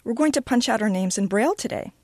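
A tired, sharp-tongued mother of two boys, voiced by a woman reading aloud. Her retorts come dry and clipped, the pitch bouncing around a lot. The sound is close and dry. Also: expressive, fast, no echo.

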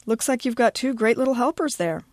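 A friendly woman priest who speaks in an easygoing way, read by a woman. Her pitch moves freely. The recording is close and dry. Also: lively intonation, brisk, dry recording.

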